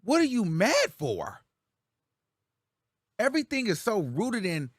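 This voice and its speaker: A man's voice: high-pitched, slow, no room sound. A talkative man hosting a casual commentary show, his voice rising and dipping with lots of life. He speaks in a loose, slangy way to his viewers, and the sound is dry and close. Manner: animated, chatty, slangy.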